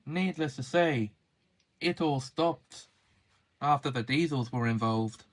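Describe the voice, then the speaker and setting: A man's voice: medium pitch, slow pace. A man voicing characters in a fan model-train series, trading casual banter with rambling, self-aware asides.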